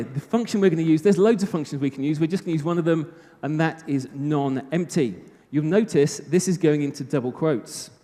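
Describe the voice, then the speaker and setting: A man's voice: on the high side, mellow. A British man giving a live technical talk at a conference, chatty with self-mocking humor. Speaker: conference speaker. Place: conference hall. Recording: reverberant hall.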